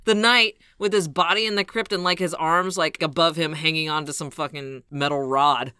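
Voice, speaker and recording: Bright, crisp podcaster recapping a film. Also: mid-range voice, fairly even intonation, moderate pace, no room sound, studio quality. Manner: swears freely, recaps the plot with lots of laughs. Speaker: podcast co-host. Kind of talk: casual movie recap chat.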